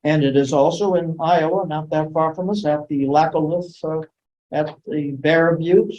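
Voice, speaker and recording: A man's voice: on the high side, steady tone, normal speed, darkish tone, muffled recording. A man giving a rambling lecture talk, with many hesitations and restarts. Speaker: guest speaker. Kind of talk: lecture talk on sacred sites and ancient myths.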